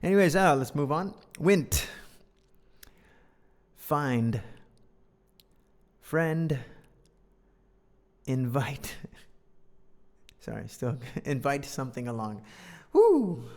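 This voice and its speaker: A man's voice: medium pitch, very slow, pauses often. A man reading a children's story aloud to learners, joking and teasing himself between lines in a playful way. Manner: playful, joking, self-deprecating. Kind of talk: casual read-aloud with commentary. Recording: long reverb.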